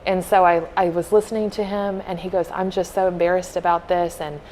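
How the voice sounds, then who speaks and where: A woman with a slightly low voice tells a story on a podcast in an earnest, heartfelt way. Her tone stays casual and she softly acts out what people said. Faint ambience sits behind her. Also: little pitch movement, a little fast, slight background noise, rough recording. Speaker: podcast co-host.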